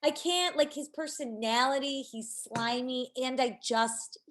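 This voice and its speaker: A woman co-hosting a casual podcast, summing things up bluntly and dryly. Her voice is slightly higher than average. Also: a little slow. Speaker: podcast co-host. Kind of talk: casual chat recapping reality TV.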